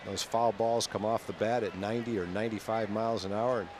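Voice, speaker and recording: A man's voice: on the low side, steady tone, brisk. A man giving color commentary on a baseball broadcast, earnest and explanatory. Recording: very loud crowd and noise behind. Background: ballpark crowd.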